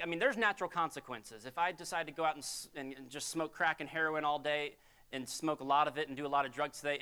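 A woman pastor giving a humorous, conversational sermon in an animated style. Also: deep voice.

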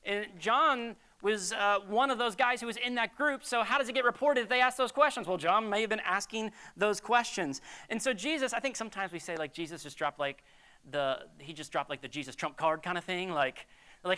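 A woman preaching a sermon in a conversational, animated way, with jokey asides. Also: medium pitch, brisk.

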